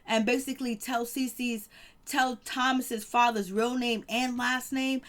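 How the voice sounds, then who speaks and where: A woman's voice: on the high side, fairly even intonation, unhurried, a bit bright. A woman casually recapping a reality TV episode, retelling the drama in a chatty, dramatic way full of fillers. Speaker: TV show reviewer.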